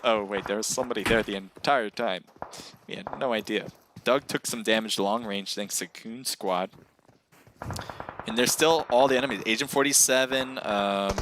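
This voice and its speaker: An esports caster with a mid-range, fairly bright voice gives live commentary on a mobile battle royale match at a normal speed, recorded dry. He's casual and chatty, laughing and getting worked up over close calls.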